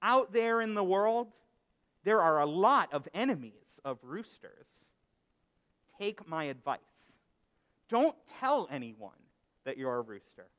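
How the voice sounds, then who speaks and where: A man's voice: high voice, slow pace, exaggerated voice. A man voicing a patient, wise old man who acts like a rooster, told within a sermon. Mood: advising. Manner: calm, patient, gently reasoning. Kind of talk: storytelling in a sermon. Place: synagogue sanctuary. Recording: echoey hall reverb.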